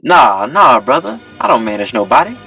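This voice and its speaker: A man voicing a young, overconfident smooth talker who stammers when cornered. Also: medium pitch, big pitch swings, moderate pace, sharp tone, faint music behind, exaggerated voice. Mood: flustered. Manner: cocky yet flustered, stammering. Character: young male smooth talker, cocky but nervous.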